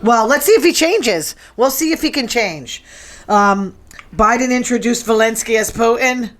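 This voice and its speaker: A woman hosting a show in casual chat, sassy and quick to tease. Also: on the high side, expressive. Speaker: show host.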